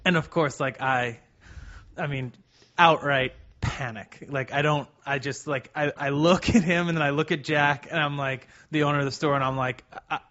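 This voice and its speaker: A man's voice: on the high side, steady tone, bright, forceful tone. Rambling man telling a story, lo-fi. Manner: rambling, halting, swears freely. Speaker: podcast co-host. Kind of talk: casual storytelling.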